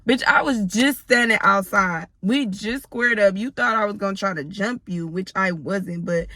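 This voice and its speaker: Woman in her thirties, bright-toned vlogger, animated storytelling full of profanity, dry close sound. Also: mid-range voice, moderate pace, no room sound. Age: 30s. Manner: animated, profane, addresses viewers as y'all. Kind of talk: casual storytime.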